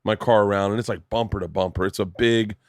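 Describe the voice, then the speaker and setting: A man in his forties with a low voice hosts a casual podcast chat from a home studio. He tells stories with energy and acts out every voice in them. The sound is dry and close to the mic. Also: steady tone, fast, dry recording. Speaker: podcast host.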